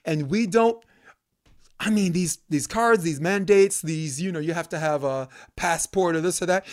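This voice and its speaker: A man's voice: high-pitched, normal speed. A man from Brooklyn, a podcast guest ranting heatedly and profanely, hammering points through repetition. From Brooklyn, New York. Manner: profane, emphatic, repeats phrases for emphasis. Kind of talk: heated conversational rant.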